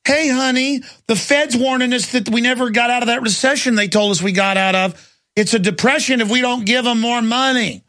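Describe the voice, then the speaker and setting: A man's voice: extremely high pitch, fairly even intonation, a little fast, pushed and bright, voice pushed up. A man mocking a gullible trusting husband. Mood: mock-earnest. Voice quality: mocking, simple-minded.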